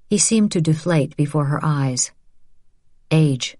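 Low-voiced woman narrating a novel. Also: lively intonation, slow, long pauses, mellow, no echo, clean studio sound. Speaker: audiobook narrator. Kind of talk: scripted narration.

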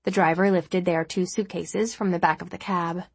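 A woman narrating a novel as an audiobook, in a steady, measured storytelling manner. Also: fairly low pitch, slightly rough, no room sound. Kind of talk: scripted narration.

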